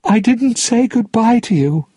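Guy doing a young woman crying out, way up high, husky edge, storybook read. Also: animated, a little slow, dark tone, no room sound, clean studio sound. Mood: desperate calling. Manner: cries out pleadingly. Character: young woman, grieving, desperate.

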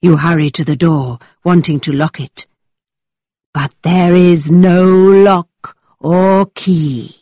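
A woman plays a playful young gentleman spinning a spooky tale in a lowered, dramatic voice. He takes his time over every phrase, close and dry. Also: steady tone, no echo. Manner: low, slow and dramatic.

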